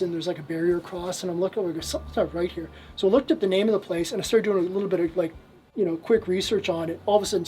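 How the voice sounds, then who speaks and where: A Canadian museum owner with a high, darkish voice gives guests a casual storytelling tour of his collection. He rambles, using lots of fillers and restarts. The audio is poor, with slight background noise.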